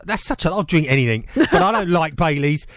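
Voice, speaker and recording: A man's voice: a little high, animated, brisk, no echo. A man hosting breakfast radio, cheeky and teasing in playful banter from a studio.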